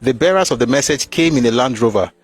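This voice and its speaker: A man's voice: mid-range voice, animated, fast, slightly rough, faint music behind. A man reading passages from a war memoir aloud and breaking off with mocking, emphatic asides.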